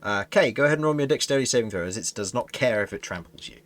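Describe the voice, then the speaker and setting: A man's voice: mid-range voice, expressive, racing, fairly bright tone, slight background noise. A man narrating as game master of a tabletop fantasy game, rambling and correcting himself as he goes. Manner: rambling, self-correcting narration with frequent laughs.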